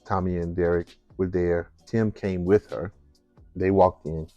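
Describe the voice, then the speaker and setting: A man with a low voice tells a personal story with lots of energy, acting out the people in it and laughing along the way. The sound is dry and close to the mic. Faint music plays underneath. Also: unhurried, no echo, dull audio. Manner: animated, acts out voices, laughs while telling.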